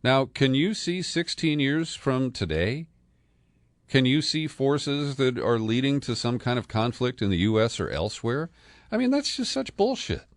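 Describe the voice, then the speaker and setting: A man's voice: mid-range voice, a little slow, dry recording. A man hosting a political podcast, talking through the news in a sardonic, conversational way with frequent fillers and chuckles. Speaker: podcast host.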